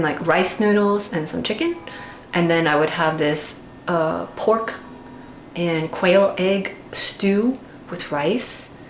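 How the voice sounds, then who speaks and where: A woman talking candidly in a casual vlog monologue, animatedly acting out her own inner voice. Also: fairly low pitch. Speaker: vlogger. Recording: echoey room with faint background hiss.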